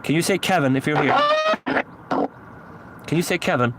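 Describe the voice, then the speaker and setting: A man with a fairly high voice sits outdoors at night as a paranormal investigator, calling out to spirits in earnest, repetitive pleas. Clear traffic and urban noise hum behind him throughout the recording. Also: moderate pace. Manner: repetitive, earnest pleading calls. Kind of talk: solo ghost-hunting vlog, calling out to spirits. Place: outdoors at night, seated on a memorial bench.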